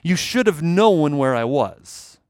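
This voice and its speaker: A man voicing a twelve-year-old boy calmly answering his mother. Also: on the high side, takes it slowly, no room sound. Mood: earnest.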